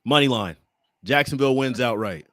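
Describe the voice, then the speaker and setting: A man hosting a sports podcast in casual chat, playful and teasing and quick to laugh. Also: medium pitch, lively intonation, fairly bright tone, no echo, studio quality. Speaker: podcast host.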